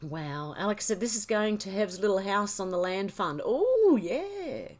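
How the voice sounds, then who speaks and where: A woman hosting a livestream reads out her viewers' chat messages one after another. She is tearful and overwhelmed, laughing and choking up as she goes. Her voice sits at an ordinary middle pitch. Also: normal speed. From Australia. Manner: emotional, teary and laughing, overwhelmed. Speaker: livestream host. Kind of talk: reading live chat aloud.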